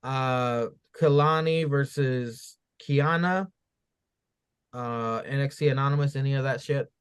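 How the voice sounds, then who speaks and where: A man's voice: mid-range voice, a little slow, smooth. A man hosting a casual podcast, prompting his co-hosts with questions. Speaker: podcast host.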